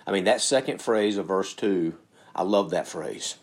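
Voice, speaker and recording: A man's voice: sits low, normal speed, slightly rough. A man preaching a sermon in an earnest, conversational way, building to emphatic peaks.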